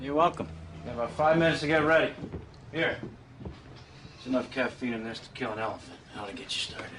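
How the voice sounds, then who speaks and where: An actor playing a bodyguard's brisk, matter-of-fact male partner, heard in a noisy film clip. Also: medium pitch, lightly acted.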